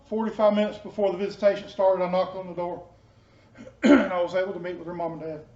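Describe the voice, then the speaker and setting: A man giving a personal testimony as a pastor, telling his story earnestly and dropping soft and low in tender moments. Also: little pitch movement, brisk. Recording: echoey, dull room sound.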